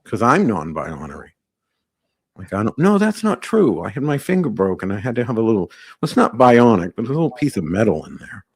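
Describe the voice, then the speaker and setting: A man's voice: lowish voice, very animated, fairly quick, husky. Brash, rambling male podcast host. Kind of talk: live call-in podcast chat.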